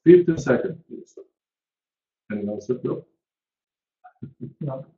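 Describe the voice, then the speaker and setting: A man's voice: mid-range voice, expressive, slow, dark tone. Guy in his 40s, earnest webinar talk, roomy echo, kinda muffled call audio. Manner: earnest, emphatic, repeats key points. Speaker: pricing consultant presenting a webinar. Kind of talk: online presentation to an audience.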